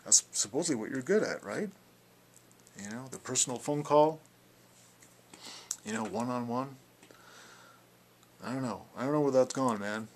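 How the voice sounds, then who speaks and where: A man's voice: medium pitch, moderate pace, pauses often, a little mellow, slight background noise. A young man talking casually in a video blog response, rambling and defiant, with plenty of filler words. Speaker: video blogger.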